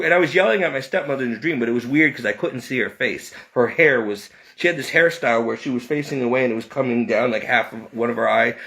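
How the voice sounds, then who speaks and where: A man telling a personal story in a rambling way, with restarts and repeated words, his pitch climbing when he relives his anger. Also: fast, few pauses, a bit bright. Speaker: video creator.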